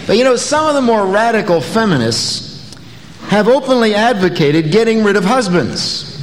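A pastor preaching a sermon, telling stories with a dry, folksy humor. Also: male voice, high-pitched, big pitch swings, normal speed. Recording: long reverb, faint noise.

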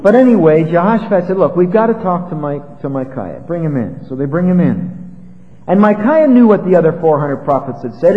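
Guy preaching a sermon like he's telling a story, voice goes up and down a lot, long hall echo. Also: fairly high pitch. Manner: conversational, animated storytelling. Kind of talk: expository sermon. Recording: dull lo-fi with long reverb.

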